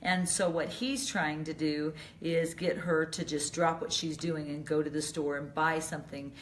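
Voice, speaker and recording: A middle-aged woman hosting a live video chat, calmly answering viewer questions about caregiving. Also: low voice, normal speed, slight background noise. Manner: calm, advisory, acts out short example lines. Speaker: radio host and dementia caregiving advisor.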